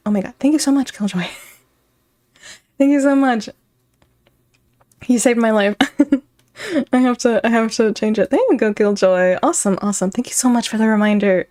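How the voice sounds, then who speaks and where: A woman's voice: fairly high pitch, a little mellow. Giggly, chatty young woman streamer. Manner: giggly, laughs often, rambling. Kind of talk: casual chat with live chat.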